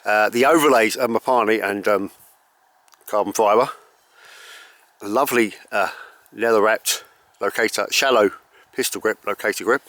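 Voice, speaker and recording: A man hosting an archery channel, talking casually and rambling with many ums and self-corrections while reviewing a bow outdoors in bright sun. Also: on the low side, normal speed, long pauses. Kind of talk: casual unscripted gear review.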